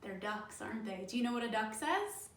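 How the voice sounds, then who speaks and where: A woman's voice: a little high, very animated, a little fast, echoey room, distant mic, a little hiss or hum. A woman librarian in her thirties leading a children's storytime, cheerful and sing-song as she talks to young kids.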